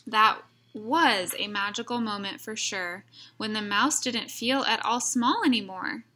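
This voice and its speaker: A woman reading a rhyming picture book aloud, gently, pausing to comment to her listeners. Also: a little high. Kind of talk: rhyming read-aloud narration with asides.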